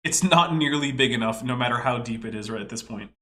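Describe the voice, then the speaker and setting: A man's voice: mid-range voice, fast talker, sharp tone, a little hiss or hum. A man hosting a casual commentary podcast, exasperated and nitpicking as he lectures about a video. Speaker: podcast host.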